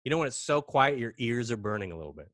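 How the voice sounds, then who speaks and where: Brief: man from Canada, mid-pitched, casual and animated storyteller, acts out sounds, dry studio sound. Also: fast, no echo. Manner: animated, dramatic, mimics bangs and gasps. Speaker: podcast guest.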